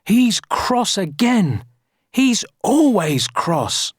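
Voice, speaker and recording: A woman reading aloud, voicing a crowd of cross villagers who shout in high, drawn-out voices. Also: huge pitch swings, slightly rough, no echo, clean studio sound, heavily acted. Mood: angry.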